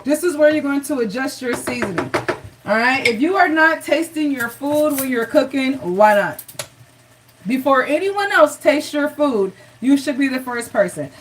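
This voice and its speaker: A woman's voice: high voice, distant mic, slight background noise, poor audio. A woman hosting a live cooking show, chatty and encouraging, talking straight to her viewers.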